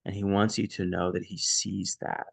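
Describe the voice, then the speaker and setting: A man quoting a kind woman psychic who comforts a stranger, in a soft, hushed manner. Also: sits low, flat delivery, normal speed, creaky, breathy edge, dry recording, full character voice. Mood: soothing. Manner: soft, soothing, hushed retelling.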